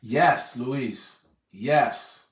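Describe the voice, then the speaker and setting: A man's voice: medium pitch, extremely slow. An American man chatting casually on a livestream, rambling and often repeating words as he corrects himself. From United States. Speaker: vlogger. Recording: roomy sound, mic at a distance.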